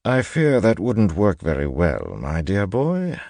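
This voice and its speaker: A man's voice: deep voice, huge pitch swings, a little slow, darkish tone, no echo, voice pushed up, full character voice. A man voicing an urbane nobleman with a drawling, patronizing manner.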